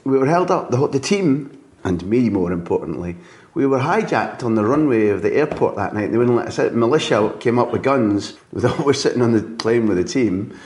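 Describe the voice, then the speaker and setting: Scottish man telling lively football stories. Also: mid-range voice, a little fast. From Scotland. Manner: lively storyteller with quoted asides. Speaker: interviewer and football journalist. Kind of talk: casual interview chat.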